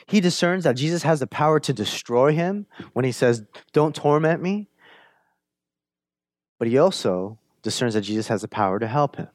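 A male pastor delivers a sermon in a conversational, animated way, often checking in with "right?". He rises to emphatic bursts and drops to hushed lines. His middle-pitched voice is recorded close and dry. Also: normal speed, dry recording. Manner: animated, builds up to emphatic high-energy retelling, drops to hushed low lines.

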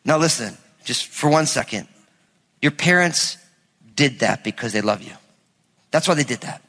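A man, a pastor, preaching a lively, conversational sermon with humor in a church. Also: medium pitch, moderate pace, in a large hall.

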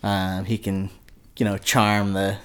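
Low-voiced man, hesitant and measured. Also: little pitch movement, a bit bright, clear, resonant tone. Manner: hesitant, measured, restarts often. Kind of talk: casual chat.

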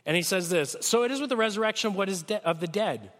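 A man preaching a sermon with a cold, talking conversationally and swinging from loud peaks to soft lows. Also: lively intonation, quick pace, in a large hall. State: has a cold. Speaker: pastor.

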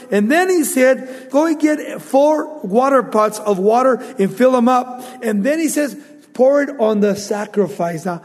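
A man preaching a Bible sermon as an animated storyteller who acts out the quotes. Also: extremely high pitch, in a large hall. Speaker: pastor.

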